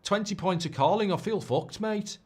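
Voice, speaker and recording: A bleary, hungover Liverpool lad, as a man puts him on, talking in a higher voice than the man's own. His speech is slurred and drawn-out, with a put-on Scouse accent and a laddish swagger. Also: a little mellow, breathy edge. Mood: groggy laddish.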